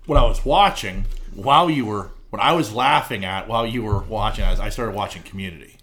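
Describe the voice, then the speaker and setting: A man's voice: fairly low pitch, brisk, a bit bright. A man co-hosting a podcast, mostly giving short agreeing replies and then talking up his own opinions in casual chat. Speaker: podcast co-host.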